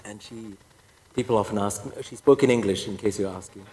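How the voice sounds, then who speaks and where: A man's voice: on the low side, fairly even intonation, brisk, a little mellow, a little hiss or hum. A priest giving a personal testimony talk, telling his story with wry, self-deprecating humor. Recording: echoey hall reverb.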